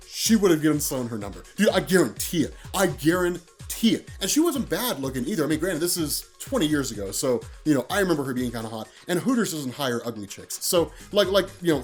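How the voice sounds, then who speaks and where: Animated man telling a story. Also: fairly high pitch. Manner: animated, heavy use of "like" and restarts. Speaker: vlogger. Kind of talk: casual storytelling.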